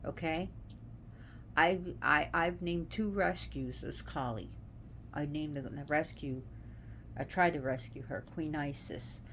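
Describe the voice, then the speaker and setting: Earnest, lower-voiced woman chatting. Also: takes it slowly, a bit bright, a little hiss or hum. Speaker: host. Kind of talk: casual devotional talk.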